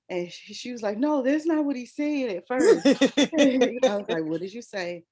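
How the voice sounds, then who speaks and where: A woman's voice: fairly high pitch, moderate pace. A woman who is a teacher, telling a story in casual chat and acting out the voices of the people she quotes. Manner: animated, acts out quoted voices.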